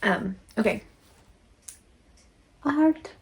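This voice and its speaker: A woman's voice: on the high side, lively intonation, drawn-out words, creaky, slightly rough. Rambling, chatty woman vlogger. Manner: rambling, chatty, laughs often; gushing and emotional. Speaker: vlogger opening mail from viewers. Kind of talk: casual chat.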